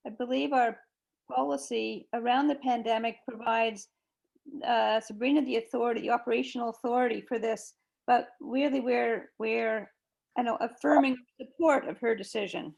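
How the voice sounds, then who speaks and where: A woman with a fairly high but gravelly voice carefully asks how a board decision should be framed. She joins the meeting over a video call. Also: steady tone, normal speed, darkish tone. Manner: careful, seeks clarification. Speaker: board member. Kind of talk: meeting discussion.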